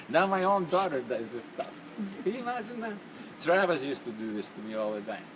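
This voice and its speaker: A man's voice: on the high side, very animated, moderate pace. A middle-aged bandleader, chatting casually and laughing often as he greets his band on a concert stage before sound check. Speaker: bandleader and musician. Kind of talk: casual backstage video chat. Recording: loud background noise on stage.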